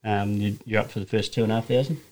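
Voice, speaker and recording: A man's voice: on the low side, steady tone, fast, darkish tone. Australian male racer, casual anecdotal storyteller, chatty and loose. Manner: rambling anecdotal storyteller, many fillers and restarts. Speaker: racing driver guest. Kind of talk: casual podcast chat.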